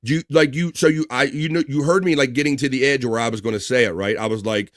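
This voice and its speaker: Slight background noise sits behind a man talking fast in a medium pitch. He's a livestream talk show host in a casual setting, chatting, reading out viewers' comments and names, and frequently joking and laughing.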